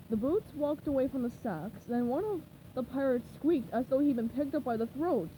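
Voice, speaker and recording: A woman reading a children's chapter book aloud in a lively, expressive way. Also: high voice, normal speed, a little hiss or hum, poor audio. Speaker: storybook reader.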